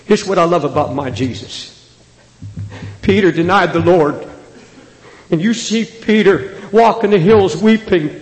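A man preaching a fiery sermon to a church congregation, with an impassioned delivery that swings from hushed to loud. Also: sits high, unhurried, pauses often. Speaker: traveling preacher. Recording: echoey hall with long reverb.

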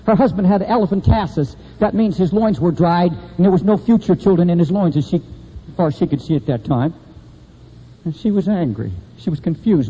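A middle-aged man preaching a sermon with impassioned delivery that swings between high and low emphasis. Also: mellow, husky. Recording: dull lo-fi recording in a reverberant hall.

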